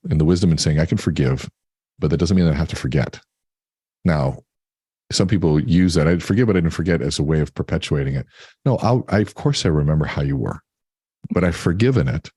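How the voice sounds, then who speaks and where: A man on a podcast, chatting and telling stories with lively voices for the characters. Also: very deep voice, slightly rough, dry recording, clean studio sound. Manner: animated storyteller, acts out characters. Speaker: podcast guest. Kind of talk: casual conversation.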